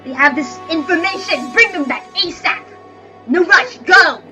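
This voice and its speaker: A woman's voice: extremely high pitch, unhurried, over music, pitched above the performer's own voice. A woman voicing an ecstatic, demanding woman barking orders over a radio intercom in a tabletop game. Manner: shouting excited orders.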